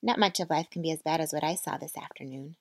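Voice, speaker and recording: A woman's voice: low voice, fast talker, vocal fry, darkish tone, no echo, clean studio sound. Woman reading as a sensitive young teacher. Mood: anxious.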